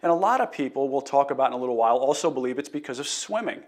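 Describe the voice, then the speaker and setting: A man's voice: mid-range voice, lively intonation, very fast. A middle-aged man hosting a live health talk, telling a patient story in an earnest way and greeting viewers. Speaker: chiropractor host.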